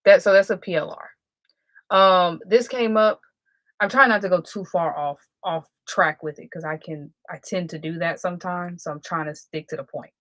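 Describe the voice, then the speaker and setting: Female livestream host, casual and self-correcting, lowish voice. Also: moderate pace, fairly bright tone, dry recording. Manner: rambling, self-correcting, chatty. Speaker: live stream host.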